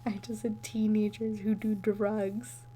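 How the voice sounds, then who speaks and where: A woman's voice: mid-range voice, level tone, takes it slowly, dark tone, slight background noise. A young woman co-hosting a podcast in casual chat, giggly and easily amused, telling meandering stories. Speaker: podcast co-host.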